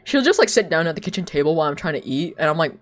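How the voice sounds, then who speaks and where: A woman's voice: deep voice, big pitch swings, racing, faint music behind. A young woman streamer chatting casually and rambling through stories, laughing often and leaning heavily on filler words. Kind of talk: casual chat on a live stream.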